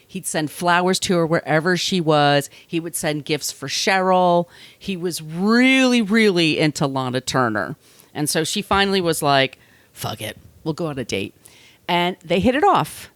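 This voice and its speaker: A woman podcast host telling a true-crime story in casual chat, sardonic and quick to laugh. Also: lowish voice, animated, smooth, dry recording. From Long Island, New York. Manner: chatty, sardonic, laughs often, slips into put-on voices.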